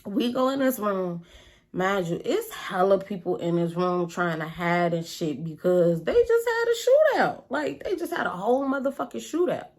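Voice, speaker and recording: A woman vlogger telling a story in a casual, animated, slangy and profane way. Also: mid-range voice, moderate pace.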